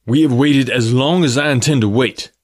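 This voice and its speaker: A man's voice: medium pitch, normal speed, lightly acted. A man voicing a brusque, domineering young male suitor in an audiobook. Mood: insistent. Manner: brusque, demanding.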